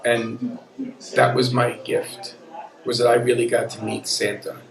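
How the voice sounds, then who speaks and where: A man's voice: mid-range voice, completely flat delivery, a little slow, vocal fry. A man in his fifties telling a personal story live on stage, earnest and conversational with a wry edge. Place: pub room at a live storytelling event. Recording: echoey pub room with an audience. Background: audience murmur.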